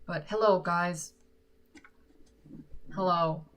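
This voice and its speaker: Woman with an american accent chatting on a livestream from her room, kinda low voice, rambly and joking about herself. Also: fairly even intonation, very slow, a bit bright, slight background noise. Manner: chatty and self-deprecating. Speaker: singer and livestream host. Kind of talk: casual livestream Q&A. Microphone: sock-covered microphone.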